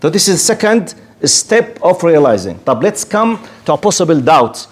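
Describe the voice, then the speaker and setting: This Islamic lecturer speaks English natively though Arabic is his first language, and his voice sits a little high. Very animated and at a normal speed, he gives a religious lecture in which he rhetorically spars with imaginary opponents.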